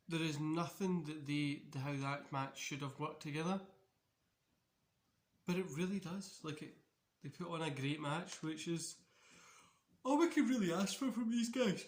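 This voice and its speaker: A man hosting a casual wrestling watch-along, talking in a loose, rambling way. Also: fairly high pitch. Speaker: wrestling channel host. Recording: echoey room.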